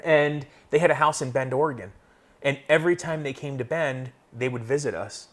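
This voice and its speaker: A man in his forties telling stories in a casual interview in his garage, animated and swearing as he acts out what people said. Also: mid-range voice, fairly quick. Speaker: garage collector, guest. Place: home garage, indoors.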